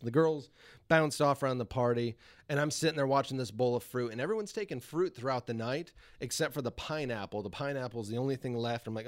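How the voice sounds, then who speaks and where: Male podcast guest, middle-pitched, animated and sweary, breaks into laughs. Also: fast. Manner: profane, animated, laughs often. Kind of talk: casual storytelling.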